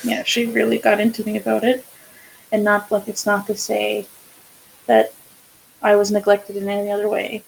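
A woman's voice: medium pitch, completely flat delivery, moderate pace, vocal fry, long pauses, a little hiss or hum, low-quality recording. A woman co-hosting a casual podcast chat, speaking candidly and swearing freely as she tells stories and acts out quotes. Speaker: podcast co-host.

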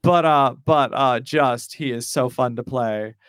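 A podcast host with a mid-range voice chats casually and unhurriedly about tabletop role-playing characters. He's animated, laughs often, and uses many fillers, all in clean studio sound with no echo.

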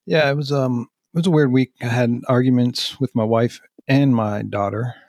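A man's voice: mid-range voice, fairly even intonation, moderate pace, darkish tone, no room sound. A middle-aged man, a podcast co-host, telling candid personal stories in an earnest, self-deprecating way and laughing through them.

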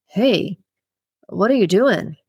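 A woman voicing a lonely, awkward working man at a bar who stammers, in her own slow reading voice. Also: medium pitch, animated, vocal fry, a little mellow, husky, no echo, clean studio sound, exaggerated voice. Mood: eager.

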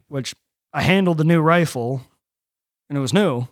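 A man from Nebraska telling a story on a casual podcast, profane and animated as he acts out what people said. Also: a little high, moderate pace, pauses often, no echo, clean studio sound. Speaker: podcast host.

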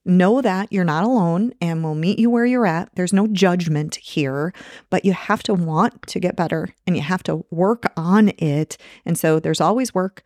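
Brief: middle-aged woman clinician, earnest and encouraging, lowish voice, dry close sound. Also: normal speed, darkish tone, no echo. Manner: earnest, encouraging, repeats key phrases. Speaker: nurse practitioner and clinic owner, guest. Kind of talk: podcast interview answers.

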